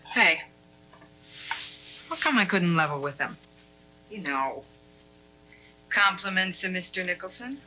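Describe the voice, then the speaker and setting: A sardonic young woman from a 1970s film drama. Her bright voice carries a dry, sarcastic bite. She throws off wisecracks without missing a beat. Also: lowish voice, animated, measured pace, pauses often, faint music behind, heavily acted, rough recording.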